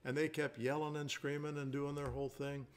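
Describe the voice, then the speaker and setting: A man's voice: fairly high pitch, little pitch movement, brisk, smooth. An older man, a basketball coach, chatting casually as a show co-host and telling long stories while he searches for words. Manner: rambling storyteller, searches for words. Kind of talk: casual podcast chat.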